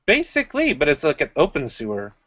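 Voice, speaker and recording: A man's voice: on the high side, wildly swooping pitch, quick pace, a bit bright, dry recording. A man hosting a casual chat stream, joking and laughing often. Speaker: stream host. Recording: dry, dull lo-fi mic.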